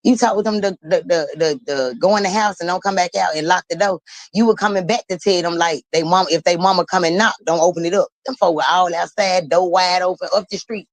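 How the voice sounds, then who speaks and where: A woman hosting a livestream, telling a story in an animated, blunt and profane way and laughing as she talks. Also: fairly low pitch, fairly quick, dry recording, rough recording. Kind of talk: casual storytelling.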